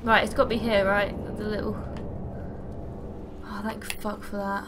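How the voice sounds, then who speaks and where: A young woman giving let's play commentary, swearing freely with loud exclamations while she plays. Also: mid-range voice, flat delivery, measured pace, pauses often, slight background noise. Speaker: gaming channel host.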